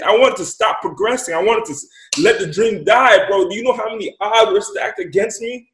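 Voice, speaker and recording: A man telling a story as a guest, emphatic and profane, repeating lines for effect. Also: high voice. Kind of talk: casual storytelling. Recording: roomy echo.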